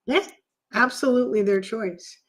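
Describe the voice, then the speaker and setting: A woman's voice: on the high side, normal speed, a little hiss or hum. A woman co-hosting a podcast as a coach, speaking earnestly and reflectively in casual conversation. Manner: earnest, reflective, shares personal stories.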